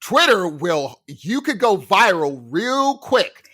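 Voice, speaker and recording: Man, podcast co-host, high voice, very lively pitch, emphatic, animated, casual chat. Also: slow, no echo. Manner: animated, emphatic, repeats himself for stress.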